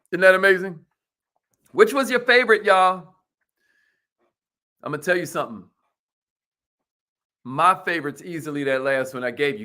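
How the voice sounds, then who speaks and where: A man runs a live business-coaching stream in a bright, slightly high voice. He keeps hyping his viewers, calls out commenters by name and repeats his lines for emphasis. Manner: repeats phrases, leads affirmations. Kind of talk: energetic live-stream teaching.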